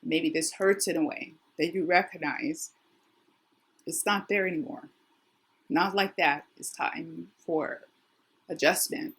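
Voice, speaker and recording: Husky-voiced woman giving a chatty tarot reading. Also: on the low side, fairly even intonation, slow pace, long pauses, a bit bright. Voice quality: husky, worn voice. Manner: chatty, thinks aloud, frequent restarts. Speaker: tarot reader. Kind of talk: casual tarot reading to camera.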